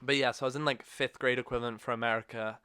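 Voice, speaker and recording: A man's voice: medium pitch, fairly even intonation, very fast, pushed and bright, smooth, no room sound. A man hosting a podcast, telling a long story in a rambling, self-correcting way. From England. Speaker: podcast host. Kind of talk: casual chat.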